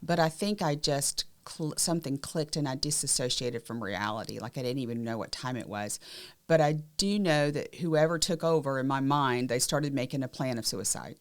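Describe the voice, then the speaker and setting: A woman with a Southern accent, candidly recounting her personal story in a podcast conversation, often dropping to quiet, emotional tones. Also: very deep voice, normal speed. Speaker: podcast co-host sharing her survival story.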